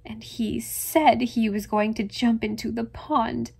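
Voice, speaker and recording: A woman's voice: mid-range voice, lively intonation, moderate pace, husky. A woman voicing an anxious, devoted middle-aged housekeeper who speaks in a trembling, frightened way in an audiobook reading. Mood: frantic.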